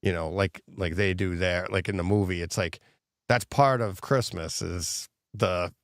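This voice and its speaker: A man's voice: low voice, unhurried, dry recording, clean studio sound. A middle-aged man co-hosting a podcast in casual chat, telling stories with lots of laughter and acted-out quotes. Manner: animated storyteller, laughs often, acts out quotes. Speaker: podcast co-host.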